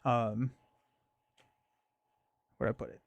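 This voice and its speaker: A man hosting a live stream talks in a loose, easygoing way, thinking out loud and restarting his sentences with plenty of fillers. His voice sits at an ordinary middle pitch, and the recording is close and dry, with no room sound. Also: flat delivery, takes it slowly, creaky, no echo, dull audio. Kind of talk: casual live-stream chat.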